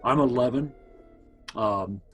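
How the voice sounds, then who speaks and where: A man's voice: medium pitch, takes it slowly, a little hiss or hum, poor audio. A man casually telling his brother old family stories, meandering with asides to his listener. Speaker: family storyteller. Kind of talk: casual spoken storytelling.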